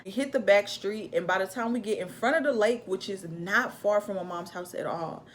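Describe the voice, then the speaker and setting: A young woman chats to her camera in a lively, storytelling way, voice sitting at an ordinary middle pitch. She keeps it casual and animated, rushing some bits and stretching others. A faint noise hangs behind her. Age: young adult. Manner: animated, chatty, acts out her own shouts in quotes. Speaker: vlogger telling a birth story.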